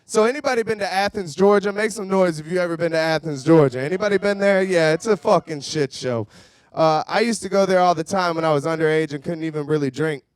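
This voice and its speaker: Man, 20s, stand-up comic, high-pitched, dry sound, brash, profane. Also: quick pace, smooth, dry recording. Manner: brash, profane storytelling with shouted crowd work. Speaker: stand-up comedian. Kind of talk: stand-up comedy set. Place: comedy bar stage.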